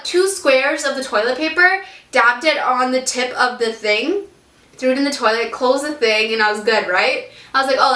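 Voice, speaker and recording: Young woman vlogger, high bright voice, frank and chatty, roomy echo, a bit off mic. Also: recorded from a distance. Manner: frank and chatty, swears casually, laughs often. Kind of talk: candid storytelling vlog.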